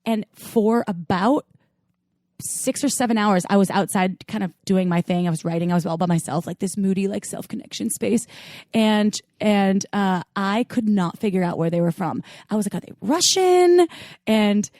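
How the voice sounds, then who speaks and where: A woman co-hosting a podcast, talking in a relaxed, casual way. She tells stories animatedly and acts out the voices of the people in them. Her voice sits in a middle register and is recorded close and dry. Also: medium pitch, normal speed, no room sound. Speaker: podcast co-host. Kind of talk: casual chat.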